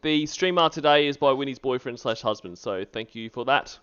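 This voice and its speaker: A man hosting a stream, chatting casually, rambling through shout-outs and laughing often. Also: medium pitch, normal speed, smooth, lo-fi sound. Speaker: streamer host.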